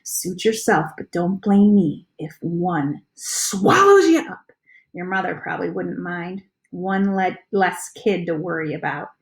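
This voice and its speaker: A woman's voice: lowish voice, animated, a little slow. A woman voicing an easygoing father who makes teasing, dry jokes.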